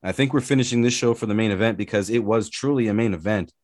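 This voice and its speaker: Animated, swearing man ranting about fights. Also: lowish voice, fast, no room sound, studio quality. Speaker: podcast co-host. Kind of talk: casual sports chat.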